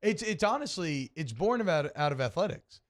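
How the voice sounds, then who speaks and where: A man's voice: on the high side, a little fast. A man co-hosting a sports radio show, chatting casually and ranting with rising energy. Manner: animated, rambling, rants with rising energy.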